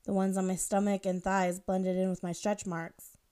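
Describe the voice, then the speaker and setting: A woman author reading her own fan fiction aloud in a steady, plain voice. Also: mid-range voice, moderate pace, smooth. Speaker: author and reader.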